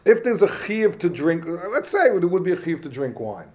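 Animated teacher, higher-pitched man. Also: normal speed. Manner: questioning, animated, mixes Hebrew and Yiddish terms. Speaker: Talmud class teacher. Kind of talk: lively Talmudic lesson.

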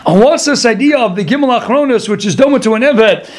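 A man's voice: extremely high pitch, lively intonation, quick pace. A man teaching a Torah lecture as a rabbi. He asks rhetorical questions and acts out pleas as little dialogues.

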